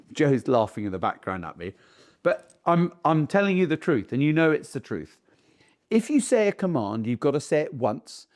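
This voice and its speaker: A man's voice: fairly high pitch, a little mellow. A middle-aged man, a dog trainer, talking bluntly and casually, acting out owners calling their dogs. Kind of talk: casual talk to camera.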